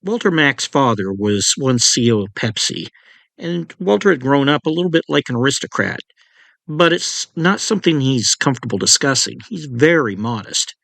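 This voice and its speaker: Male true crime narrator, chatty asides, mid-pitched voice, dry close sound. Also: lively intonation, normal speed, gravelly, fairly bright tone, no echo. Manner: conversational, with personal asides. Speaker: narrator and author.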